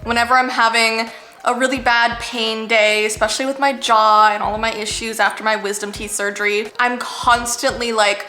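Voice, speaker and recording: A woman's voice: on the high side, little pitch movement, moderate pace, sharp tone, reverberant, soft background music. A woman in her thirties answering viewer questions in a candid, chatty vlog, saying "like" a lot. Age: 30s. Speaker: YouTuber. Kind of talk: casual Q&A vlog.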